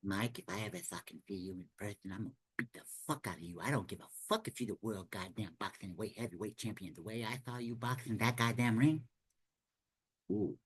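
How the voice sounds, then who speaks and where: A man doing an impression of a famous heavyweight boxer, taunting and threatening in a low, quiet, profane voice. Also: a little fast, slightly rough. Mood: menacing. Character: menacing male heavyweight boxer, coarse and threatening.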